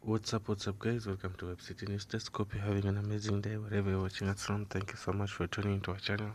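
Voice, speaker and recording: A man's voice: lowish voice, flat delivery, quick pace, darkish tone, slight background noise. A man hosting a celebrity gossip news channel, leaning heavily on filler phrases as he recaps. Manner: leans heavily on "you know" fillers. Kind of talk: news commentary.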